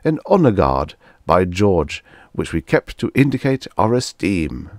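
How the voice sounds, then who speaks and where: A man's voice: deep voice, very animated, measured pace, no room sound, clean studio sound. A man voicing a genteel male professor who speaks in a formal, mildly pompous way. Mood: reassuring. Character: fussy, genteel old-fashioned male professor.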